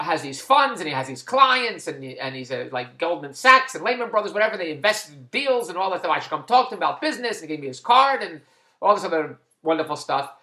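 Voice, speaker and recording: A man rambles through a personal story at a quick clip, chatty and excitable, jumping from one aside to the next. His voice is bright and forward. The bedroom he records in gives it a roomy echo. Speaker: vlogger and TV producer. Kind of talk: rambling personal video blog. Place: his kid's bedroom at home. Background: dog squeaking a toy.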